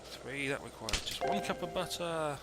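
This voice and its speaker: A man's voice: fairly high pitch, animated, moderate pace, very noisy. A man giving chatty, dry, methodical commentary while playing a cooking game. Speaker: let's play host. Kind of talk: gameplay commentary.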